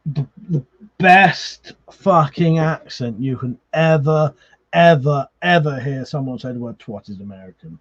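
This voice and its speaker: A drunk man hosting a livestream chats casually, reads out viewer comments, swears freely and laughs a lot. His voice is medium-pitched and animated, with a measured pace. The livestream audio sounds slightly muffled.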